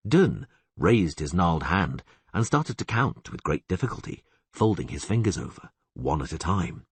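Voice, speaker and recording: A man narrating an audiobook in a low, measured storytelling manner. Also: big pitch swings, husky, no room sound. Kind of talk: scripted narration.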